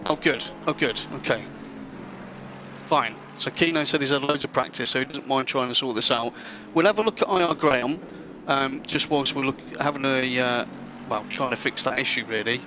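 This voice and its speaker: A man chats loosely with his audience during a sim racing live stream, wandering from topic to topic with good-natured banter. He speaks in a mid-range voice at a moderate pace against a noisy background.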